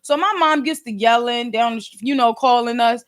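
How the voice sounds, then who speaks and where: A woman in her thirties with a Philadelphia accent, casually telling a story straight to her viewers in animated, slangy talk. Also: fairly high pitch, moderate pace. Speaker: podcast and video host.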